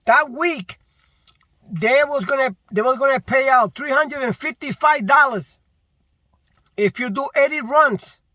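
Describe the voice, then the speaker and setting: A man with a very high, bright voice rants slowly about his work in a casual vlog. He is frustrated and repeats his points for emphasis. The recording is dry and close. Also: no echo. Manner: frustrated, repetitive, emphatic complaining. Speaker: delivery driver.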